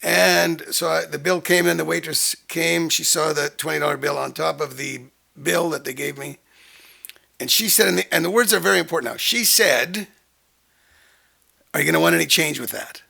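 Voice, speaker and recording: Gravelly high-voiced man ranting casually. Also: moderate pace, bright, forceful tone. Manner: rambling, exasperated storytelling with restarts. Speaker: host. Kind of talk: casual monologue.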